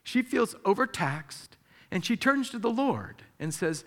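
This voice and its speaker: A man preaching a sermon as pastor, animated, acting out the people he quotes with sudden jumps in pitch. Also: measured pace. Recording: long hall reverb.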